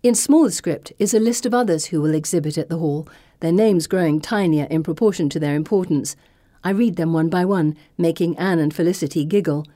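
A woman reading a first-person audiobook in a measured, expressive way, close to the mic. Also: low-pitched. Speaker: narrator.

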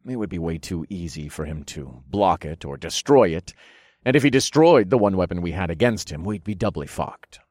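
A smug, deep-voiced supervillain. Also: male voice, lively intonation, normal speed, darkish tone, no echo, studio quality. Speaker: first-person narrator. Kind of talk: audiobook narration.

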